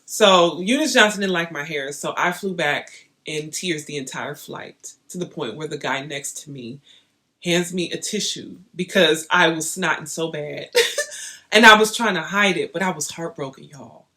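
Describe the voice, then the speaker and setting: A young woman vlogging, chatting straight to her viewers in an animated, storytelling way. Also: sits low, unhurried. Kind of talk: casual storytelling to camera.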